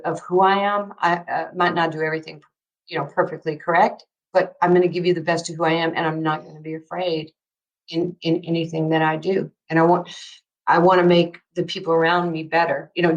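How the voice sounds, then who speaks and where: Woman, 60s, interview guest, animated storyteller, a little low-voiced. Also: rough recording. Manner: animated storyteller, acts out quotes, laughs often. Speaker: interview guest, basketball coach.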